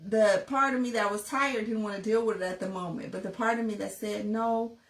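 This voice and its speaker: A woman's voice: medium pitch, fairly even intonation, fairly quick. Reflective woman coach in an echoey room. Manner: reflective, tells personal stories. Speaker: couples and personal development coach. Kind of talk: casual conversation on a podcast. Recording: echoey room, distant from the mic.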